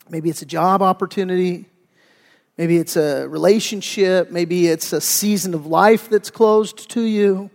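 High-voiced pastor preaching in a reverberant hall. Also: male voice, steady tone, unhurried, vocal fry. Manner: conversational storytelling with frequent restarts and fillers. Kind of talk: sermon. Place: church sanctuary.

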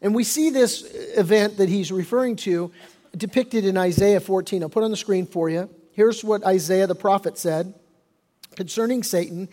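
A man's voice: high voice, normal speed, mellow. A man preaching a sermon as pastor. He explains things conversationally and often restarts his sentences. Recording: long reverb of a large hall.

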